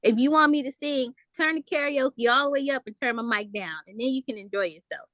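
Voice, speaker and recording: Bright, lively woman co-host. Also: high voice, a little fast, no room sound. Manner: playful, animated storytelling with quoted voices. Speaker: podcast co-host. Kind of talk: casual chat.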